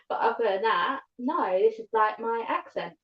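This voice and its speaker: A woman with a thick southern English accent talks fast and rambles, doubling back on her words. Her voice sits a little high. The sound is echoey and dull, like a room captured on a livestream. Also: big pitch swings. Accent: southern English, London-tinged. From England, north of London. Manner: fast-talking, rambling with restarts. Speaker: livestream guest. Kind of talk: casual chat.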